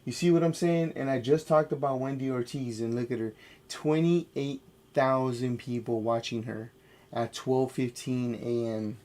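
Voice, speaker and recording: A man's voice: mid-range voice, fairly even intonation, unhurried, darkish tone. Laid-back man reacting to streams. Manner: laid-back, exclaims and talks to himself between clips. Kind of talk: livestream reaction commentary.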